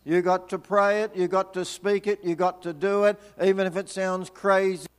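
A man's voice: high-pitched, flat delivery, normal speed, clear, resonant tone. An older man, from Tasmania, preaching a storytelling sermon with chatty, humorous asides. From Tasmania, Australia. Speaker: visiting preacher. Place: church hall. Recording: long reverb of a hall.

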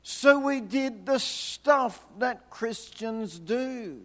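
Older man, high voice, slow and chatty sermon storytelling, wry jokes, long hall reverb. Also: expressive, fairly bright tone. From Tasmania, Australia. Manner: chatty and humorous, with wry asides. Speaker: visiting preacher. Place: church hall.

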